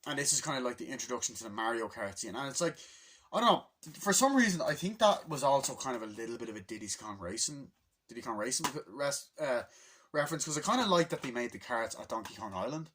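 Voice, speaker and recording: A man's voice: medium pitch, very animated, quick pace, fairly bright tone, breathy edge. A man giving a casual, rambling movie review recap, enthusiastic and swearing freely as he acts out scenes. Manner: loose and rambling with many fillers.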